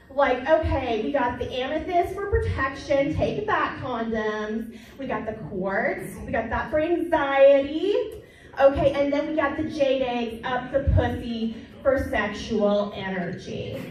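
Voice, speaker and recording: Young woman doing crude stand-up, higher voice, far off the mic in a really echoey club. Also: darkish tone. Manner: brash, crude, self-mocking, chatty with crowd. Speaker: stand-up comedian. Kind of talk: stand-up comedy set. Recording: distant mic in a very echoey room.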